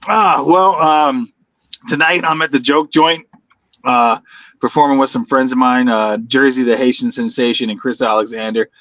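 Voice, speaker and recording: A man's voice: medium pitch, steady tone, moderate pace, a bit bright, no echo, dull audio. A man who is a stand-up comedian, chatting as a guest in a laid-back way, laughing often and agreeing with "yeah". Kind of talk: casual chat.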